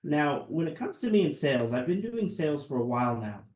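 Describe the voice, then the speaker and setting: A sales lead co-hosting a webinar from an office room tells customer stories with earnest enthusiasm in casual chat. His fairly high voice is very animated, a little fast, and darkish in tone. The recording is reverberant and low quality.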